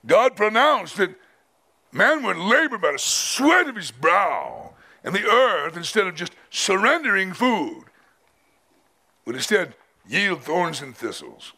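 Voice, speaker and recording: A male pastor preaching a sermon at a men's conference, dramatic and emphatic, with drawn-out pauses. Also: high-pitched, wildly swooping pitch, sharp tone.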